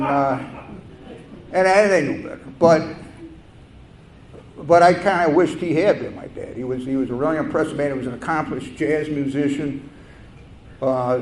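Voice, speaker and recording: An older man telling a personal story at a recovery meeting, halting and reflective, with fillers and restarts. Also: mid-range voice, darkish tone. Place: meeting hall. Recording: echoey room with faint noise.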